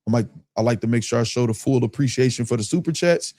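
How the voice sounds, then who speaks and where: This man, a fast talker with a medium-pitched voice, runs a live stream and reads viewer super chats out loud. His talk is loose and slangy, delivered in a relaxed drawl and broken up by frequent laughter.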